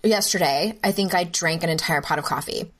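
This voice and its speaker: A woman's voice: fairly low pitch, fairly quick, a bit bright. A woman hosting an interview podcast, chatting casually with a wry, self-deprecating humor. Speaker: podcast host.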